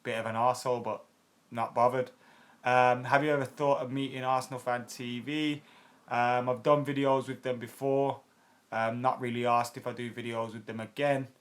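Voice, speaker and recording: A man's voice: medium pitch, flat delivery, moderate pace. A man in his late twenties hosting a football fan channel, casually answering viewer comments in a chatty, blunt way with lots of fillers and some swearing. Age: 20s.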